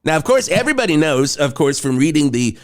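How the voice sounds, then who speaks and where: An actor playing a brash, rambling radio host who swears freely and jumps between topics. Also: male voice, on the high side, fast. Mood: boisterous. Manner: rambling, animated, profane. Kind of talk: improvised comedy radio bit.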